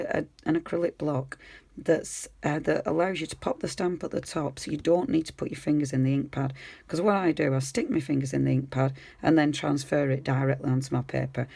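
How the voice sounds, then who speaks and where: A woman's voice: sits low, vocal fry, mellow, husky, dry recording. A woman giving a chatty, enthusiastic craft tutorial, talking her viewers through each step as she works. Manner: chatty, enthusiastic, talks while working. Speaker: craft demonstrator.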